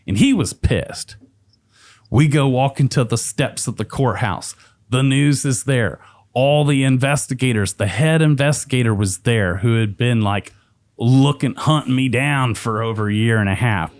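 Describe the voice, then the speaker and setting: A man's voice: mid-range voice, moderate pace, a little mellow, dry recording. A man telling his life story as a podcast guest, speaking intensely and emphatically, swearing freely. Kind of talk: personal storytelling.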